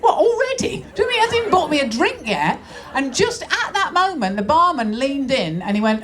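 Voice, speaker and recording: A woman's voice: high-pitched, big pitch swings, fairly quick, crowd noise. A middle-aged woman performing a stand-up comedy routine in a brash, conversational, mock-exasperated way on a club stage. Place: comedy club stage before a laughing audience.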